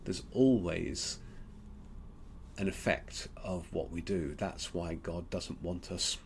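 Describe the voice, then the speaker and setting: A man with an Australian accent giving a gentle, reflective Lenten devotional, pausing often with ums. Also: low voice, steady tone, creaky, a little hiss or hum. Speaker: preacher.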